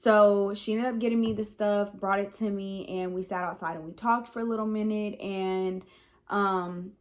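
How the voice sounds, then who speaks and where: A woman's voice: medium pitch, fairly even intonation, moderate pace. A young adult woman telling a personal story in a casual vlog, rambling and frank with many "um"s and "like"s. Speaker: vlogger.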